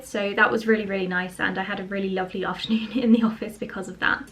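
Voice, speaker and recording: A woman's voice: medium pitch, poor audio. A young woman chatting casually in a reading vlog, often doubling her words for emphasis. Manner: chatty, says "really" twice for emphasis. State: unwell, a bit out of breath. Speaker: book vlogger.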